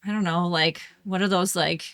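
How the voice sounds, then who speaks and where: Bright-voiced woman, chatty co-host. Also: on the low side, moderate pace, no echo, clean studio sound. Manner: chatty, animated, mimics kids' voices. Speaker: podcast co-host, home daycare provider. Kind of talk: casual chat.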